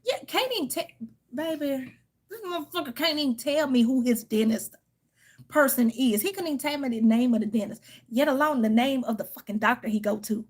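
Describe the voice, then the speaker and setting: A woman's voice: high voice, brisk. Fired-up woman venting to her viewers. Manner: heated, profane, animated storytelling with quoted outbursts. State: tired and irritated. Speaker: tarot reader and channel host. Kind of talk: casual venting story to viewers.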